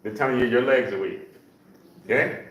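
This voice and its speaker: A man's voice: medium pitch, normal speed. A man leading a live exercise class for seniors, counting repetitions aloud and checking in with a frequent "okay?". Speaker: senior fitness instructor. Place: senior center room. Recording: echoey room from a distance.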